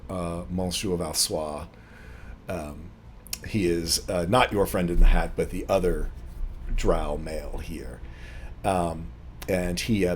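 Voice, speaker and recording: A man narrating a tabletop roleplaying game as game master, relaxed and unhurried. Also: low voice, slight background noise.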